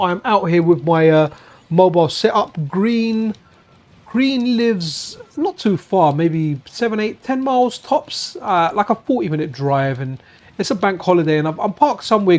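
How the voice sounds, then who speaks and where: A man's voice: high-pitched, expressive, moderate pace, darkish tone. A man chatting casually and enthusiastically while streaming retro games at a friend's house. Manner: chatty and enthusiastic, with frequent restarts. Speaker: streamer, channel host. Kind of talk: casual live-stream chat while gaming.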